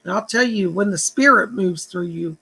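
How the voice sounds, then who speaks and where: A man's voice: high-pitched, normal speed, bright, forceful tone, husky. A man who works as a psychic, giving an earnest, uplifting spiritual vlog message and retelling a phone call. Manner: preachy, uplifting address to viewers.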